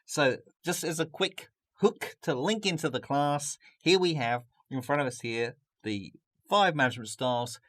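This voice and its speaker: A man's voice: on the high side, normal speed, a bit bright. A man teaching a business video lesson, jokey and upbeat, with a close mic. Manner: jokey, puts on a mock French accent at times.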